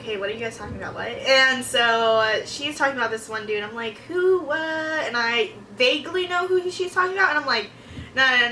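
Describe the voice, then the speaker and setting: A woman's voice: a little high, slight background noise. A young woman, a college student, telling stories about her week in a casual rambling vlog and acting out her own reactions. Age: young adult. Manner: excitable storytelling, acts out her own reactions. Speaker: vlogger. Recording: echoey room, mic at a distance.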